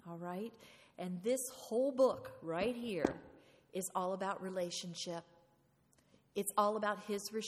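A woman preaching a lively sermon in a church, playful and animated, often asking the congregation questions. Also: medium pitch. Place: church hall. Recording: reverberant hall.

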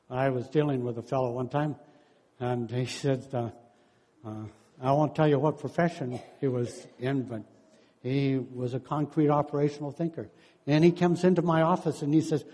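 A sixties-aged preacher and counselor delivers a sermon in a fairly high, darkish, slightly rough voice at a measured pace. He tells stories, acts out what people said, and chuckles often. Long hall reverb fills the recording.

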